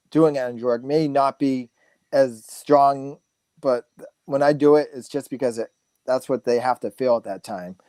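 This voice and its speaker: A man in his forties, a guest speaker, telling stories in a relaxed, rambling way full of fillers and restarts. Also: mid-range voice, no echo. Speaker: guest speaker, massage therapist. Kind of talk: casual storytelling interview.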